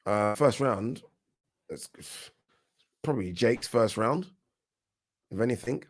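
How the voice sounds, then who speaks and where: A man with a British accent giving casual live commentary on a boxing match for his channel, chatty and quick to react, often restarting his words. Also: mid-range voice. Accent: British English. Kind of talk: live watch-along fight commentary.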